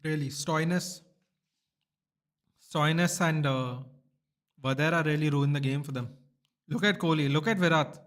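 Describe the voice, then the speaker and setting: Excitable man reacting live to cricket. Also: a little high, measured pace, long pauses. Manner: excitable, shouts at big moments, slangy asides. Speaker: watchalong host.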